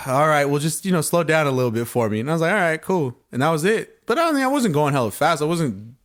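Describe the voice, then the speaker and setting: A man, co-hosting a podcast in relaxed casual chat. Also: a little high, brisk. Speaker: podcast co-host.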